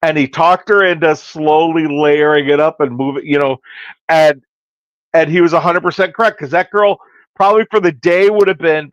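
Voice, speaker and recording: Man with a slightly raised voice on a casual podcast, an animated storyteller who acts out quoted dialogue, in a dry, dull-sounding recording with no room echo. He talks as a hairstylist sharing salon lessons. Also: fairly high pitch, moderate pace.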